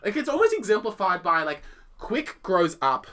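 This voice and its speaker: Podcast co-host: young man, bright and gushing, filler-heavy, swoops in pitch a lot. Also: huge pitch swings, normal speed. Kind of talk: casual chat, theatre review.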